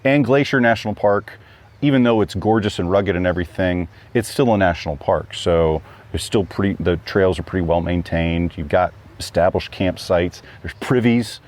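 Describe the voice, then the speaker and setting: A man's voice: low voice, normal speed, darkish tone. A man being interviewed about a trip, talking casually and rambling with lots of fillers and restarts. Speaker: guest hiker. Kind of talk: casual chat.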